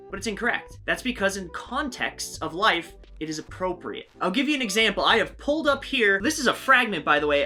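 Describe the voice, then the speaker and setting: A man's voice: fairly high pitch, sharp tone. A young man explaining language in a casual, playful video talk, full of hedging asides. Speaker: language teacher and video host.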